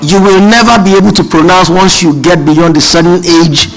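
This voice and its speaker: High-voiced Nigerian man telling funny stories. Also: normal speed, low-quality recording. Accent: Nigerian, mixed with British. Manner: animated, self-mocking. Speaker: seminar speaker. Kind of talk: humorous storytelling speech.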